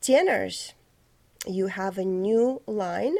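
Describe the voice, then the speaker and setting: A woman leads a choral diction lesson in a slow, measured way. Her voice is warm and mellow, and she spells out each vocal part carefully. Between explanations she sings short syllables high and light. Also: animated, vocal fry. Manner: demonstrates parts by singing syllables high and light. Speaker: choir director.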